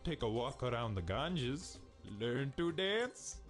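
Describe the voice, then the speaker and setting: An actor voicing a prickly rival game program that talks in a formal, melodramatic way. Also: male voice, medium pitch, lively intonation, takes it slowly. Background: game music.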